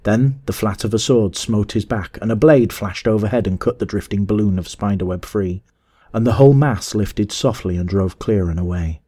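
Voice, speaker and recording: A man narrating a classic adventure story in a measured, steady audiobook reading. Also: lowish voice.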